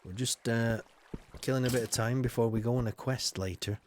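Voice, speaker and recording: A man's voice: medium pitch, brisk, a little hiss or hum. Chatty man streaming gameplay. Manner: chatty, greets viewers by name, frequent ums and you-knows. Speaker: live streamer. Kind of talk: live gameplay commentary.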